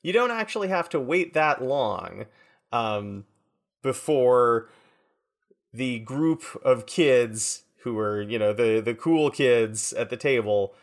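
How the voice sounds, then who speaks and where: A man narrating a tabletop game as game master in a relaxed, descriptive way. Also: mid-range voice, takes it slowly.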